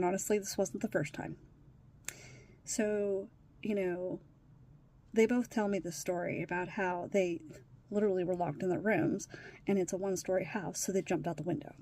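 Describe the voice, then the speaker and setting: A deeply upset woman speaking bluntly as she tells a personal story to her camera, swearing freely and often sinking to a whisper. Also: steady tone, normal speed, pauses often, dark tone. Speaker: vlogger sharing her life with trauma.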